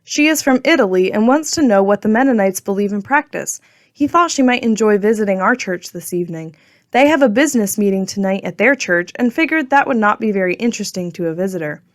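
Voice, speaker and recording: A woman voicing a calm, steady father in a storybook reading, speaking in a measured way. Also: medium pitch, no echo, clean studio sound, natural voice. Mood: explaining. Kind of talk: storybook narration.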